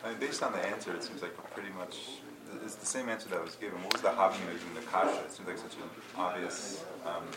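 A man's voice: low voice, quick pace. A man in a class, hesitantly asking a question about the text, searching for his words. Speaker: student. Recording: distant, roomy, noisy room mic.

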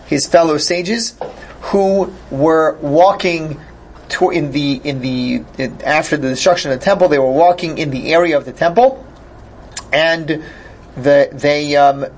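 Man with a slightly raised pitch, explanatory Torah teacher who translates his Hebrew phrases as he goes. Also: a little hiss or hum. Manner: glosses each Hebrew phrase in English; thinks aloud, with repeated starts.

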